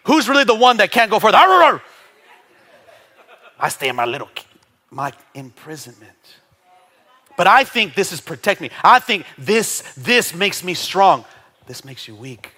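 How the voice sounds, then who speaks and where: A middle-aged man preaching a sermon, his voice bright, forward and ringing. He swings widely in pitch, dropping low and quiet, then rising high and loud. He jokes and calls for responses from the congregation. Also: measured pace, long pauses. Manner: animated, playful preaching with jokes and call-and-response. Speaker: pastor. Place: church sanctuary.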